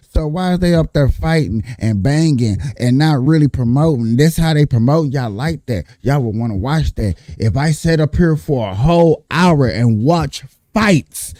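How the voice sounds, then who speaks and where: A man's voice: fairly high pitch, lively intonation, normal speed, warm tone, dry recording, studio quality. A man arguing hard in a casual panel debate, profane and emphatic, repeating his points. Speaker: panelist, Trump supporter.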